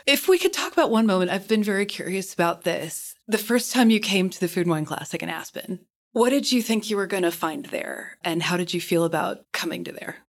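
A woman's voice: on the low side, fairly quick, gravelly. A woman hosting a podcast, asking curious questions in a casual interview.

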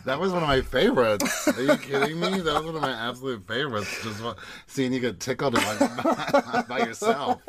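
A man co-hosting a casual podcast, goofy and quick to laugh. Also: mid-range voice, sing-song, over a noisy crowd. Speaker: podcast co-host. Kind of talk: casual chat.

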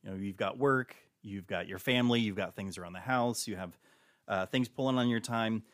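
A man in his forties, a podcast guest telling family stories in a casual, animated way and acting out the dialogue. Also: fairly low pitch, fairly quick, no echo, studio quality.

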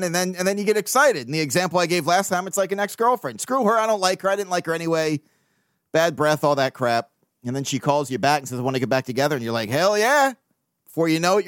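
A man's voice: a little high, no echo, clean studio sound. A man hosting a casual solo podcast, reading listener emails in a loose, rambling way, swearing casually and laughing often.

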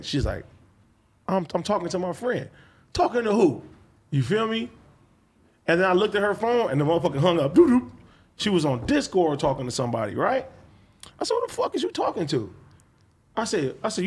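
A man in his thirties telling a profane, animated story about his daughter in casual chat, laughing as he goes. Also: high voice, husky.

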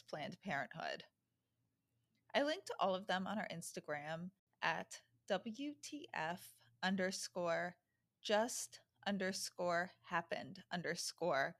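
A woman giving an informational announcement for a social media account, deliberately spelling out web addresses. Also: mid-range voice.

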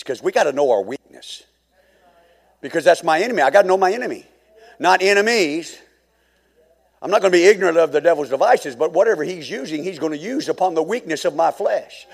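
Male pastor, sermon, high lively voice, hushed to shouting, long church-hall reverb. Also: brisk, creaky, slightly rough. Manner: swings from hushed asides to fervent shouting.

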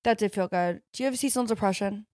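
A woman's voice: medium pitch, fast talker, darkish tone, no echo, clean studio sound. A young woman co-hosting a podcast in casual chat, joking, laughing often and swearing freely. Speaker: podcast co-host.

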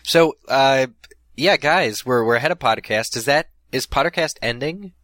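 A male co-host with a mid-pitched voice, recorded dry. He teases the group with loose, stumbling questions in an easy chat. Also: expressive, unhurried, a bit bright, no echo. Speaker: podcast co-host. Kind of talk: casual podcast chat.

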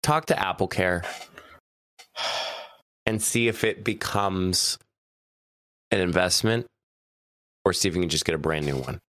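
A man's voice: sits low, animated, a little slow, pauses often, a bit bright. A man co-hosting a podcast in casual chat, a little stuffy, chatty and laughing often. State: stuffy nose. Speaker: podcast co-host.

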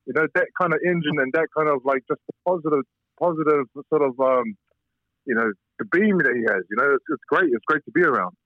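A man's voice: mid-range voice, dry recording. A man from New Zealand, a professional boxer, speaking earnestly in a casual phone interview, with frequent restarts. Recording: tinny, dry phone line.

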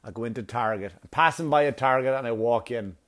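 A man doing stand-up, telling a long story in a profane, animated way with laughing asides. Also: mid-range voice, fast. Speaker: comedian.

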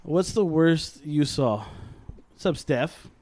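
A young man co-hosting a podcast, telling swearing-laced stories in animated chat and acting out the quotes. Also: on the high side, takes it slowly. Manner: profane, animated storytelling with acted quotes. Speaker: podcast co-host. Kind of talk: casual chat.

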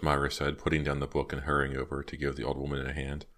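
A man with an extremely deep voice narrates an audiobook. He tells the story in a steady, even way, as scripted narration. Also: fast talker, hardly any pauses.

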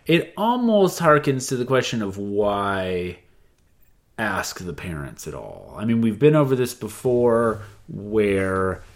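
A man's voice: fairly low pitch, sing-song, takes it slowly. A man co-hosting a casual podcast chat, making wry, joking asides about a TV show. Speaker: podcast co-host.

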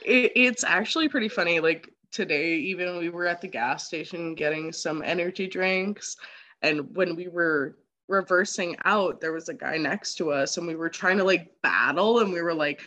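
A woman's voice: fairly low pitch, moderate pace, pushed and bright. A woman from Canada with a Canadian accent, chatting as a podcast guest, giggly and full of likes. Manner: giggly storyteller, many likes. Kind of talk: casual chat.

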